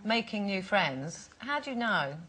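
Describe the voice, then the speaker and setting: A woman's voice: mid-range voice, sing-song, unhurried, sharp tone, husky. Chatty woman co-host. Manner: chatty, teasing questions. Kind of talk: TV studio chat.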